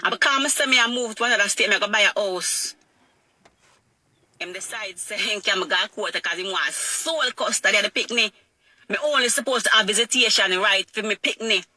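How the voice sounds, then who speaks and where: In a brisk, mid-range voice that's bright and forceful, a middle-aged woman with a Jamaican accent recounts her painful experience rawly and emotionally, circling back over her phrases. There's no echo on the recording.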